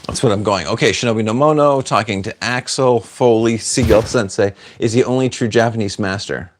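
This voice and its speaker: On a livestream, a man casually reads viewer comments aloud and answers them, rambling, poking fun at himself and drifting off mid-sentence. His voice is on the low side and brisk, with slight background noise.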